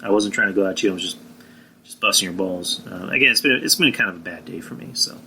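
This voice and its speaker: Bright-voiced profane stream host. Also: male voice, deep voice, quick pace, vocal fry, slight background noise, rough recording. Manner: rambling, profane, chatting with live viewers. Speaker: podcast host. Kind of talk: casual live-stream commentary.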